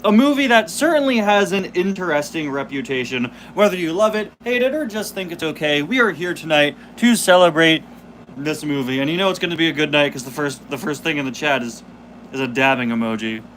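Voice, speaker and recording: A man's voice: a little high, expressive, brisk, fairly bright tone, a little hiss or hum. A man in his twenties hosting a casual live stream, chatting, laughing and reading the chat aloud while chewing candy. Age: 20s. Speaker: host.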